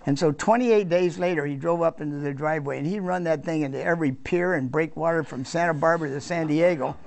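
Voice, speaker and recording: A man's voice: on the high side, fast, vocal fry, a little mellow. An older man, a business founder, telling a folksy anecdote to a student audience and acting out the voices of people he quotes. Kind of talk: storytelling talk to students.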